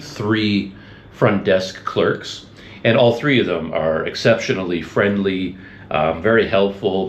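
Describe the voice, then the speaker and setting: A man talks to his camera in a relaxed, rambling way, telling stories with a wry, amused ease. His voice sits on the low side. Clear traffic and city ambience run beneath him. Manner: chatty, rambling, amused storytelling. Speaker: travel vlogger. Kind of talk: casual chat to camera.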